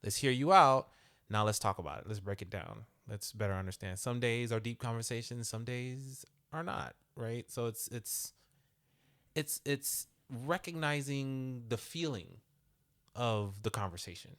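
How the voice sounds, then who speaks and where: A man's voice: mid-range voice, unhurried, a bit bright. A man hosting a parenting podcast, talking reflectively and acting out quoted dialogue. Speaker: podcast host. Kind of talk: conversational podcast interview.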